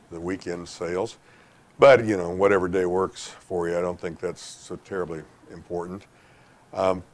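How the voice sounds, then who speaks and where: Deep-voiced folksy man giving advice. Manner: folksy, emphatic, lots of fillers. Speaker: industry guest giving retail sales advice. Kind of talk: conversational interview answers.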